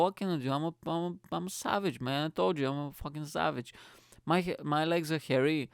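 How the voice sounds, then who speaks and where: A man hosting his own podcast from his attic room, talking in an excitable, profane, joking monologue. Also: on the high side, moderate pace, gravelly, clear, resonant tone, no echo. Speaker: podcast host. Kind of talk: casual solo podcast monologue.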